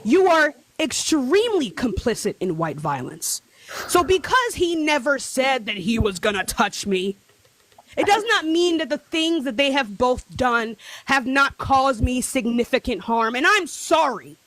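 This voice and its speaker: High voiced woman ranting on a live, pitch all over the place, dead dry mic. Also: sing-song, a little slow, no echo, rough recording. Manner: impassioned, escalating into shouting. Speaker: panel guest. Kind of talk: heated livestream panel argument.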